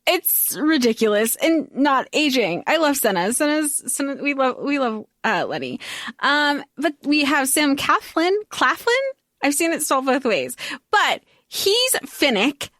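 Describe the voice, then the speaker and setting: A woman co-hosting a podcast in casual chat, bubbly and excitable, laughing often. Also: high voice, measured pace, no echo, studio quality. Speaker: podcast co-host.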